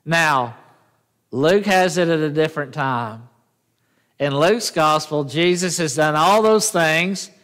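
A pastor preaches a slow, measured sermon in a slightly high voice. He keeps turning to the congregation with questions and call-and-response. His voice rings with the long echo of a church hall. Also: fairly bright tone. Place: church sanctuary.

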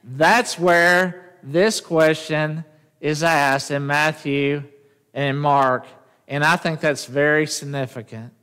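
Slow and steady, a pastor preaches in a slightly high voice that is smooth yet sharp in tone. The church sanctuary echoes around him as he draws the congregation in, asking questions and inviting call-and-response.

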